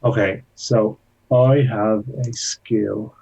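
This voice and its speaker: A man playing a tabletop game, speaking deliberately with some hesitation. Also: lowish voice, fairly even intonation, gravelly, mellow, breathy edge. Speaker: player. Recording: dull lo-fi sound.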